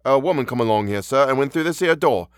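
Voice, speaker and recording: A man voicing a frightened, bewildered constable who speaks in a flat, monotonous way. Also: mid-range voice, fast, dry recording, studio quality, lightly acted. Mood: dazed. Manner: monotonous, flat, automatic delivery. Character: dazed, frightened male constable. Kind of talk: audiobook narration of a horror story.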